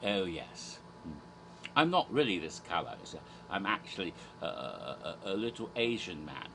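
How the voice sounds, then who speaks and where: A man's voice: low-pitched, very animated, normal speed, creaky, noisy background. A man from Asia, an American English speaker talking in a fake British accent, rambling theatrically with silly asides. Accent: put-on British accent. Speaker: horror theme park vlogger. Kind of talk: rambling casual commentary in a persona.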